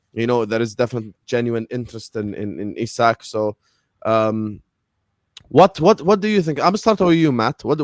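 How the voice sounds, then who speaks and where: A man's voice: medium pitch, no echo, clean studio sound. A man hosting a casual podcast chat, loose and filler-heavy, full of slang. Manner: laid-back British slang, filler-heavy. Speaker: host.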